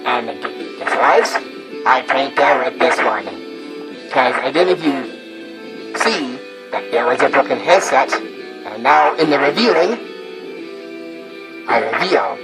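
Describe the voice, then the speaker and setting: A man hosting a prank tutorial, explaining with enthusiasm and plenty of fillers as he shows his props. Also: medium pitch. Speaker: magic and prank video host. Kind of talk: how-to demonstration.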